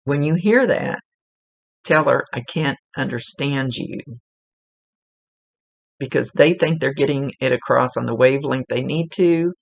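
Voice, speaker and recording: A woman's voice: rumbling low, moderate pace, creaky, no room sound. A woman working as a psychic medium, giving a casual, rambling reading and often correcting herself mid-sentence. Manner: chatty, rambling, self-correcting.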